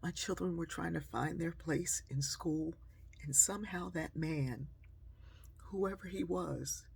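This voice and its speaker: A woman storyteller at home, lively and expressive, with a husky voice. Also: low voice, slow. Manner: animated, shifting between loud and hushed. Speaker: storyteller and speaker. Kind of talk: personal storytelling monologue. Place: at home by a sewing machine.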